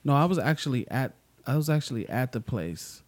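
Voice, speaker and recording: A man's voice: medium pitch, brisk. A man casually joining a conversation, adding short remarks and his side of the story. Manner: relaxed, chimes in with short agreements. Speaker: partner joining the vlog. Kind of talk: casual chat.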